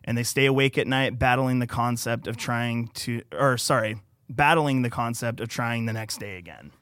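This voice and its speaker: An earnest man talking quietly on a podcast, at times reading aloud something he wrote himself. His voice sits at a middle pitch. The recording is dry and close, as from a studio microphone. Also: normal speed, no room sound. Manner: earnest, soft-spoken, reads his own writing aloud. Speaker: podcast engineer. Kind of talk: casual podcast conversation.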